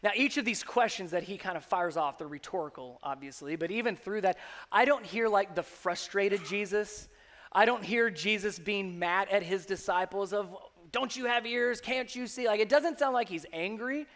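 Guy pastor preaching, pretty high voice, acts out all the quotes. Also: normal speed, a bit bright. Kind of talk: sermon.

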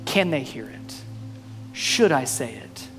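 A male pastor preaching a sermon, mostly earnest and quiet, breaking now and then into loud, playful bursts. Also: a little high, animated, slow. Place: church sanctuary. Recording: long reverb in a hall, faint music.

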